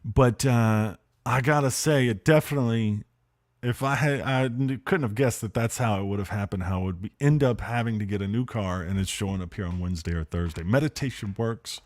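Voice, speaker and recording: A man hosting a casual livestream, telling a story in a lively, excited way, with many fillers and restarts. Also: lowish voice, brisk. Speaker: host.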